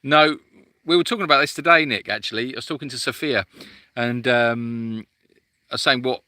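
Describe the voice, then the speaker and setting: A man's voice: medium pitch, moderate pace, pushed and bright, no echo. A man hosting a casual live-stream Q&A for an animal sanctuary. He chats and teases while reading out viewer comments, with frequent ums.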